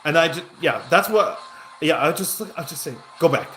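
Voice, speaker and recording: A man's voice: on the high side, lively intonation, normal speed, bright, forceful tone, a little hiss or hum. Rambling man with a raised voice. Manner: rambling, full of restarts and asides; self-mocking humor. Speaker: gaming streamer. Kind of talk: casual storytelling while playing.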